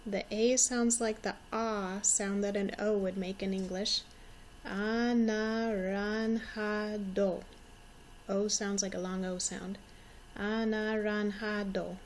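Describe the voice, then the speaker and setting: A woman's voice: mid-range voice, flat delivery, moderate pace, few pauses, a little hiss or hum. A woman in her forties, teaching young children and speaking patiently, repeating each word so they can say it along with her. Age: 40s. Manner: encouraging, repeats words for children to echo. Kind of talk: slow, patient classroom instruction.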